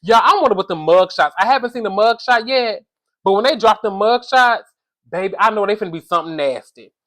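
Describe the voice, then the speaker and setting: A woman giving casual comedic commentary on reality TV, animated and exasperated, scolding in slangy talk and speaking to her viewers as y'all. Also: medium pitch, a little fast.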